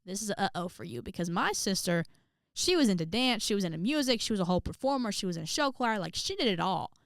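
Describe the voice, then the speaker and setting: Sassy, animated young woman telling a story. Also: medium pitch, fast, dry recording, studio quality. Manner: animated and sassy, with exaggerated outbursts. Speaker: vlogger. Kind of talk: storytelling vlog.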